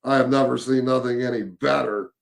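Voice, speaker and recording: A man, casually recounting a paranormal investigation, halting with many fillers and repeated words. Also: medium pitch, steady tone, vocal fry. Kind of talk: casual storytelling chat.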